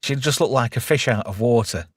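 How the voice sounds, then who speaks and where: A man hosting a casual live-stream chat, swearing freely and laughing loudly as he reads out viewer comments. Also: medium pitch, brisk, slightly rough, dry recording, clean studio sound. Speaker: podcast host.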